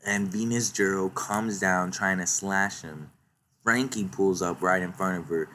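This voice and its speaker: A man casually recapping a comic chapter, retelling the action excitedly with many fillers. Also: deep voice, measured pace, a little hiss or hum. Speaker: YouTuber recapping a manga chapter.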